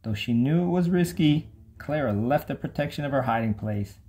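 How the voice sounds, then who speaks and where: A narrator giving an expressive, lively read-aloud of a children's bedtime storybook. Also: mid-range voice, moderate pace.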